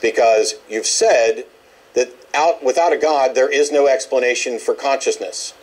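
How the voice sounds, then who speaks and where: A man's voice: mid-range voice, unhurried, a little mellow, low-quality recording. A man hosting a radio call-in show, arguing bluntly and lecturing a caller. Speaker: radio talk show host. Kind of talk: call-in debate.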